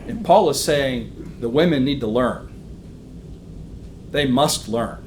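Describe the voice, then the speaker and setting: Teaching a Bible lesson to a live church class, this man speaks in a medium-pitched, darkish, animated voice at a slow pace. He's conversational, with frequent "um"s and repeated "okay?" check-ins, recorded with roomy echo and faint room noise.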